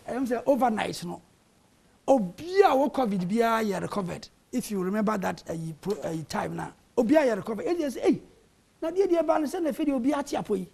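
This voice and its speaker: Panelist, raspy with gravelly edges, argumentative and insistent. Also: medium pitch, a little mellow. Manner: argumentative, mixing Twi and English. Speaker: panel guest. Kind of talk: heated political debate. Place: television studio.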